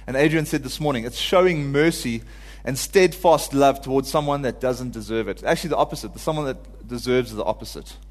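A man's voice: medium pitch, a little fast, few pauses, big-room sound. A man giving an informal, earnest sermon to a congregation, at times rising to pleading cries. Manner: earnest, builds to pleading cries when quoting. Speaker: preacher.

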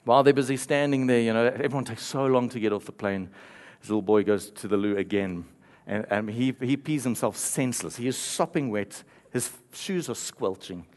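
A male pastor delivers a sermon. He tells a story with playful asides and chuckles between lines. His pitch sits in the ordinary middle range for a man. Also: fairly even intonation, moderate pace, hardly any pauses, a little mellow.

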